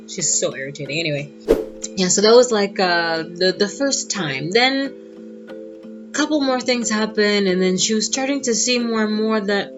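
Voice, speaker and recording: A woman telling a personal story in a casual, animated and sassy way. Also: mid-range voice, moderate pace. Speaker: vlogger. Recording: dull lo-fi audio with guitar music.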